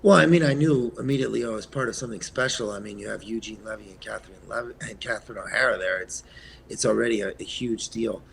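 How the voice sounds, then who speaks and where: A man from Quebec, a guest actor, chatting in an interview in a soft-spoken way that often trails off, with plenty of ums and uhs. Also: fairly low pitch, quick pace, gravelly. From Eastern Canada, Quebec. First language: French. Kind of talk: casual interview chat.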